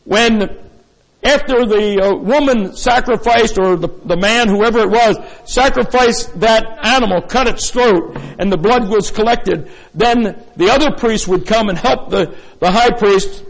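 A man's voice: high-pitched, a little slow, vocal fry, big-room sound, low-quality recording. A man preaching a sermon as pastor, in a folksy, rambling way with many fillers and asides. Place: church sanctuary.

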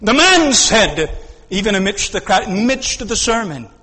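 A male preacher delivering a fervent sermon at a church service, swinging between hushed and shouted lines. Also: sits high, very animated, normal speed, breathy edge, long reverb tail.

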